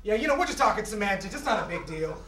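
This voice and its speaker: A man's voice: high-pitched, sing-song, racing, pushed and bright, a little hiss or hum, full character voice. A man playing a laid-back, boastful hip hop star with slangy swagger, recorded on an echoey stage from a distance.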